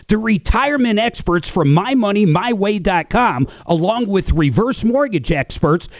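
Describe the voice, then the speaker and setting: A high-voiced man with a lively, bouncing delivery reads ad copy and jokes around with his co-hosts. The sound is a little dull and muffled. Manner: jokey, lively. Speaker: radio co-host. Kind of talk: reading ad copy and casual studio banter.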